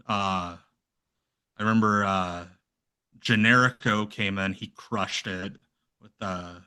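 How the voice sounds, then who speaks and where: A man chatting casually as a podcast guest, rambling and slipping into lively impressions of other people. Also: lowish voice. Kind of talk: casual chat.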